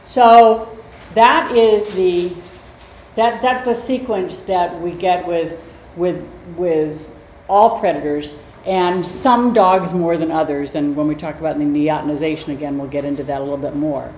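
Chatty woman teaching a dog class, lively and animated, echoey room with a bit of noise. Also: lowish voice, unhurried. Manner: animated, chatty, acts out quotes. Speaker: dog trainer, instructor. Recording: roomy echo, faint noise.

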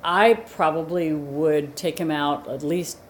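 A woman with a fairly low voice chats about dogs and tells lively stories. She explains things patiently. She sounds like she is in an echoey room with faint noise behind her. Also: slow pace. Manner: chatty, explains patiently, animated storyteller. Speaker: dog trainer and co-host. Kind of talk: casual chat.

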